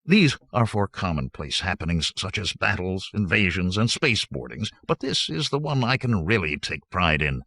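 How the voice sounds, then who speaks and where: A man's voice: deep voice, big pitch swings, moderate pace, few pauses, sharp tone, breathy edge, no echo, voice pushed down, heavily acted. A man playing a growling, boastful con man in a fake noble's guise. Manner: growling, boastful, thick put-on accent. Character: swaggering con man posing as a provincial noble. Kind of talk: audiobook character reading.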